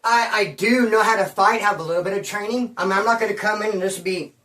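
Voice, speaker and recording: A man's voice: high-pitched, steady tone, quick pace, sharp tone, reverberant, distant mic. A man telling a rambling story in heavy street slang, acting out the voices of the people in it. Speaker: storyteller recounting prison-life stories. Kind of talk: casual storytelling monologue.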